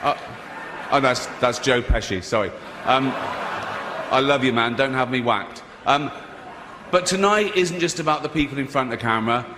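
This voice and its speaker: A man's voice: medium pitch, moderate pace, long pauses, noisy background. Male host, teasing, big hall with a crowd. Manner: mocking, teasing the audience. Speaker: awards show host. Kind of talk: comic monologue.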